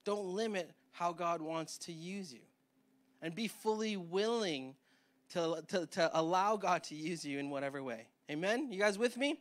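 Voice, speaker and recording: A man's voice: sits high, moderate pace. A man preaching a sermon as pastor in a church, often repeating words and restarting his sentences. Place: church hall.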